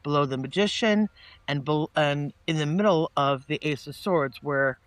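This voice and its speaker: A man's voice: on the high side, moderate pace, no room sound. Chatty man giving a tarot reading. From northeastern United States. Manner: chatty and meandering, with many restarts and asides; animated when quoting people in mock-casual voices. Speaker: tarot reader. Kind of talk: casual spoken tarot reading.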